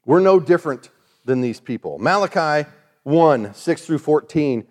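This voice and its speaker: A man preaches a sermon in a relaxed, conversational way. His voice sits a bit on the high side, and he briefly acts out the voices of the people he quotes. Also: measured pace. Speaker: pastor.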